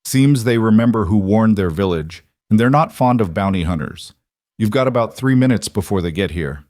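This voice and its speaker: Man playing protective cowboy, measured calm talk, low, western storybook. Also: no echo, clean studio sound, close to an everyday voice. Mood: defiant.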